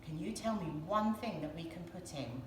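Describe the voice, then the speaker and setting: A woman's voice: on the low side, expressive, normal speed, roomy sound, slight background noise. A woman with an English accent teaching a phonics game to young children in a sing-song, encouraging way. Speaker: early years teacher.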